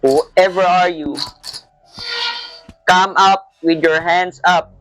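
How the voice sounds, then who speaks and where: A man commenting on a horror game as he plays, jumpy and excitable, yelping at scares. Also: high-pitched, slow, soft background music, rough recording. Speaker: gamer playing a horror game. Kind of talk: let's play commentary, mixing Tagalog and English.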